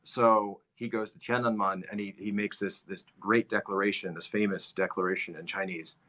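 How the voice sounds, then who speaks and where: Man, commentary host, low voice, bright forceful tone, repeats phrases for emphasis. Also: steady tone, normal speed. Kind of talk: livestream commentary, history lecture.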